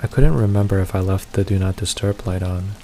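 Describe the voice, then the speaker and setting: A man narrating a first-person horror story in a steady, measured reading. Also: sits low, a little hiss or hum.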